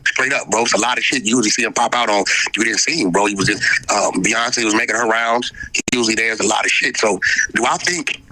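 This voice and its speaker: A blunt man argues in a casual podcast chat, full of slang and questions. His low voice is very sharp and tense, and he talks fast. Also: steady tone, rough recording.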